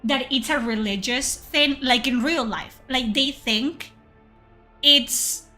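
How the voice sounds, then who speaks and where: A woman's voice: high-pitched, takes it slowly, sharp tone, soft background music. A woman streaming a game, chatting casually and swearing, reading chat aloud. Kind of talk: casual livestream chat while gaming.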